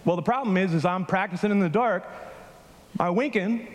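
A man's voice: high-pitched, moderate pace, long reverb tail. A man preaching a casual, story-driven sermon, often asking the congregation questions. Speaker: pastor. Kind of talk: conversational sermon. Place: church hall with a congregation.

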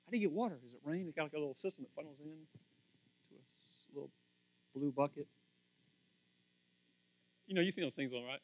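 A man preaching a casual sermon, animated and acting out little scenes with different voices. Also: a little high, a little fast, long pauses.

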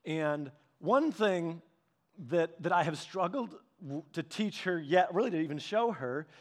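High-voiced man telling a funny story. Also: measured pace. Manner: animated, humorous storytelling with frequent laughs and restarts. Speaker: pastor. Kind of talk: storytelling sermon.

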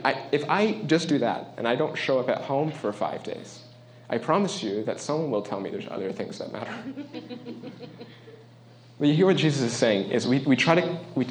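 A man's voice: medium pitch, a little hiss or hum. A man preaching a sermon as a pastor, talking in a conversational, emphatic way and often checking in with his listeners. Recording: roomy echo.

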